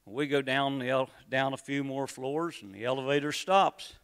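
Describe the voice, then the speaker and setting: A man telling a comic story to an audience with drawn-out, deadpan delivery. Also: medium pitch, clear, resonant tone. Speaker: contestant storyteller.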